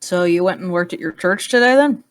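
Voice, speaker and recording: A woman's voice: fairly low pitch, expressive, a little fast, slight background noise. A woman playing a tabletop game, talking in a casual, teasing way. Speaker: player. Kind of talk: tabletop role-play.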